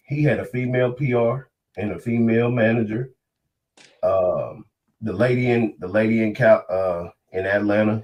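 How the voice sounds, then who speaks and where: A man's voice: lowish voice, a little mellow, far from the mic. A man on a podcast with several other men, talking heatedly and profanely, preaching about what can't be said around kids. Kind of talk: heated casual podcast talk.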